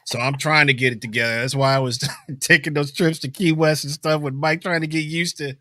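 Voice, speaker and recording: A man co-hosting a casual podcast, talking in a relaxed, rambling way with many fillers. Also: on the high side, a little fast, no echo. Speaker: podcast co-host, musician. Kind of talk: casual chat.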